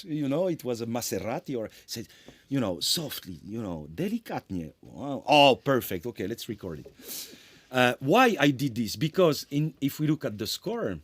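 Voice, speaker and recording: Man, middle-aged, composer's conference talk, rambling, self-correcting, apologetic asides, mid-pitched voice. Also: sing-song, normal speed. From France. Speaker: composer presenting his work. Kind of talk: conference lecture.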